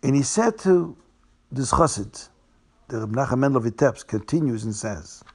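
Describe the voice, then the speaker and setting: A man telling a Hasidic tale, restating names and slowing down for drama. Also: mid-range voice, expressive, a little mellow, slightly rough. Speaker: storyteller.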